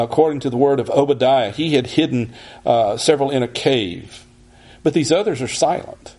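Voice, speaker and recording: A man teaches through a sermon in a husky, breathy voice. His pitch sits in the middle range, and his delivery is measured, often circling back to restart a phrase. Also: a little mellow. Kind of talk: expository sermon.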